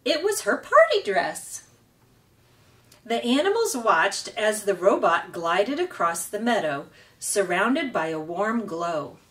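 A woman reading a children's book aloud in a slow, expressive way as a storytime host. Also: medium pitch, far from the mic.

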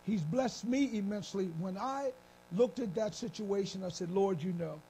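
Man preaching, high voice, gravelly edge, banter with the church. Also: normal speed, slight background noise. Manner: animated, comic, calls out to congregation. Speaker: bishop preaching. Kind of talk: live church sermon.

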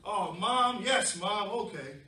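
Little boy puppy, eager and pleading, higher voice, a man putting it on, echoey room from a distance. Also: expressive, slow, pushed and bright, a little hiss or hum, exaggerated voice. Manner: pleading, wide-eyed.

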